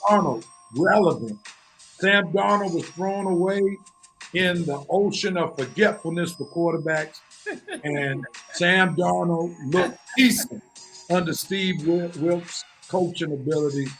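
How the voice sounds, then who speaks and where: A man's voice: high-pitched, a little slow, a bit bright, faint music behind. A man hosting a casual sports talk show, speaking with emphatic, preacher-like delivery. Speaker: show host.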